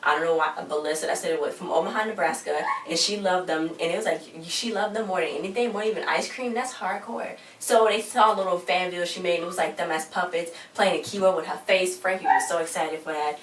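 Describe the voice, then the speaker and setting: A woman with a lowish voice talks fast with few pauses, rambling through a casual TV episode recap full of slangy, exasperated asides. The recording has a roomy echo, a distant mic, and faint hiss.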